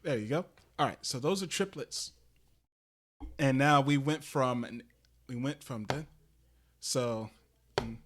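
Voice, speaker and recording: Slow, halting man explaining drum notation. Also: mid-range voice, fairly bright tone, a little hiss or hum. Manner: halting, with many fillers and restarts, explaining step by step. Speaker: drum teacher streaming a lesson. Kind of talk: casual live-stream drum lesson. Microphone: desk microphone that peaks on loud drum hits.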